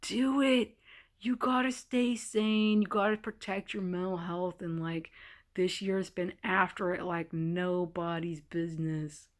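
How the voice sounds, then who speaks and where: A woman's voice: fairly low pitch, little pitch movement, a little slow. A young woman venting to her viewers in a loose, unscripted vlog. She sounds exasperated and candid, breaking into laughs and then dropping into heavy sighs as she talks. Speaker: vlogger. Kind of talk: casual vlog monologue. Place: temporary hotel stay during a winter storm.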